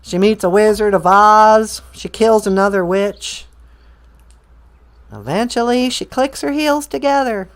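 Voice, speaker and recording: A woman's voice: mid-range voice, measured pace. A woman telling a story in a playful, rambling way, with hesitant restarts. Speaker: guest storyteller. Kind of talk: casual storytelling.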